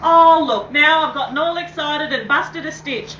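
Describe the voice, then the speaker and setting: A woman doing a nosy, forgetful old lady with a high, bright voice who stammers and scolds her way through the gossip. She sounds roomy and far from the mic. The recording is dull home video. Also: moderate pace, a little hiss or hum. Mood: gossipy. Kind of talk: comedy sketch dialogue.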